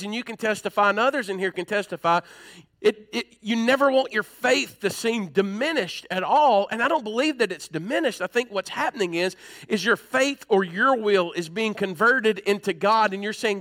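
A male pastor delivering an emphatic sermon, climbing higher as he presses his points. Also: bright, forceful tone. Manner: emphatic, rising in pitch when preaching hard.

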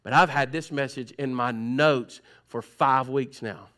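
A pastor preaches a sermon in a church sanctuary, talking conversationally, teasing his congregation, and mimicking their complaints in other voices. His voice is medium-pitched with a sharp tone, and he speaks a little slowly.

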